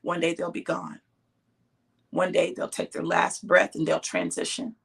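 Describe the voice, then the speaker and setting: A woman's voice: lowish voice, completely flat delivery, a little slow, vocal fry, a bit bright, slightly rough. A middle-aged woman preaching straight to her listeners, emphatic and direct, drawing out the words she stresses. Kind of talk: sermon-style exhortation.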